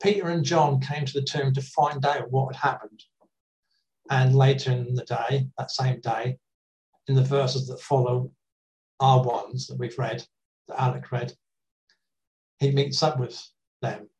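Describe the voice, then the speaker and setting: A man's voice: medium pitch, little pitch movement, muffled recording. Male preacher, chatty sermon delivery, mic a little distant. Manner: conversational, gently humorous, with pauses and restarts.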